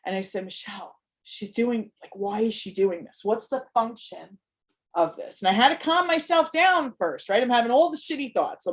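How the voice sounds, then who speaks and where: A woman's voice: fairly high pitch, animated, normal speed. A woman in her thirties hosting a live Q&A as a parenting coach, talking candidly and emotionally, swearing freely and checking in with "right?". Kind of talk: casual live-stream talk.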